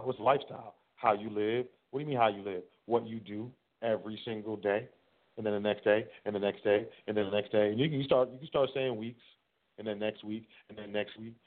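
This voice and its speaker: Male host, lowish voice, casual rambling monologue, tinny phone-quality audio. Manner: rambling, repeats words, acts out dialogues. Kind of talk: casual solo talk.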